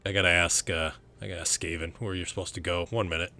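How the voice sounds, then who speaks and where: A man's voice: low-pitched, fairly even intonation, fast talker, bright, forceful tone, soft background music, full character voice. A man voicing a suspicious male bandit guard who barks tense orders. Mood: casual.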